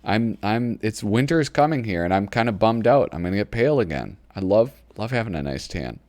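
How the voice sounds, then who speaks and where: A channel host sits at his home computer desk leafing through an old magazine, chatting and giggling, drifting off topic easily. His lowish, slightly mellow voice is animated and brisk, with no room sound.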